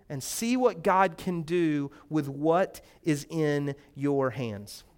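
A man's voice: high voice, fairly bright tone. A man preaching a conversational, joking sermon as a guest pastor in a church sanctuary before a congregation.

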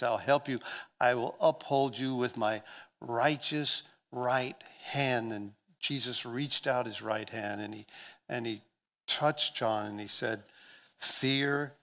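A male pastor preaching a sermon, earnest, swelling loud and dropping to soft, often restarting his words. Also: medium pitch.

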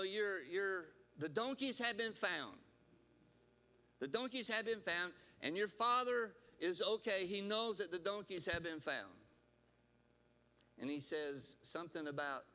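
Preacher in a reverberant hall. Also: male voice, fairly high pitch, pushed and bright. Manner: storytelling, paraphrasing scripture in voices. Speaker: pastor. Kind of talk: sermon.

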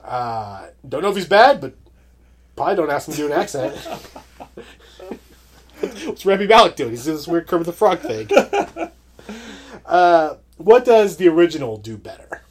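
A man co-hosting a podcast, reviewing a movie in measured casual chat and agreeing often. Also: on the high side, sing-song. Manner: measured, agreeable, frequent short assents. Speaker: podcast co-host.

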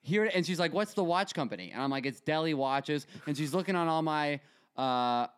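A man's voice: a little high, moderate pace, smooth. A man in his twenties casually telling stories on a podcast, animatedly acting out the people in them. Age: 20s. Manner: animated storyteller acting out dialogue. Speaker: podcast co-host. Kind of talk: casual storytelling chat.

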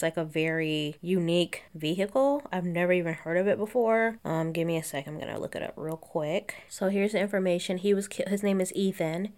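A woman's voice: on the low side, darkish tone, smooth. A woman hosting a podcast, chatting candidly about reality TV gossip and laughing often, recorded while lying on a futon at home. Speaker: podcast host. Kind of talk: casual gossip and episode recap.

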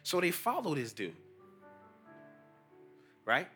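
Man preaching a sermon over soft music. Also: wildly swooping pitch, slow. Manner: emphatic preaching that rises high on key points, casual slang. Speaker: pastor, team chaplain.

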